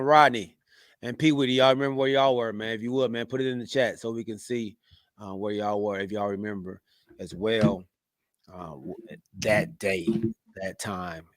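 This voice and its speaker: A man's voice: medium pitch, normal speed, no echo. A middle-aged man co-hosting a podcast, reading the live chat and chatting casually, often saying "man" with plenty of fillers. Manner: relaxed, says "man" a lot, many fillers.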